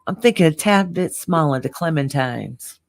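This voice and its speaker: A woman co-hosting a casual livestream, teasing and quick to laugh. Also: deep voice, expressive, no echo. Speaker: livestream co-host. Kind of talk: casual chat.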